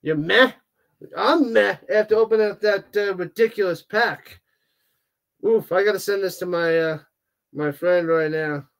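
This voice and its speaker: A man hosting a live sports watch-party stream, chatting casually with viewers and reacting with animated groans and exclamations. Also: high voice, measured pace. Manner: animated, exclaiming, groaning at bad card pulls. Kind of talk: casual livestream chat, reading viewer comments.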